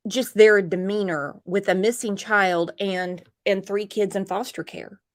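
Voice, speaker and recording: A woman's voice: medium pitch, a little slow. A woman hosting a true crime livestream, chatting casually with a guest and reading out viewer comments. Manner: animated, reads out viewer comments.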